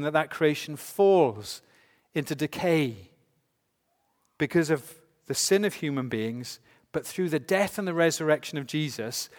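A man preaching a sermon to a congregation, emphatic and full of rhetorical questions. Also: fairly high pitch. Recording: long hall reverb.

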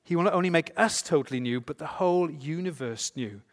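A man preaching in a church, his slightly high voice carrying with long reverb around the hall. He leans on emphasis and keeps putting questions to the congregation. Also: fairly quick. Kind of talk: sermon.

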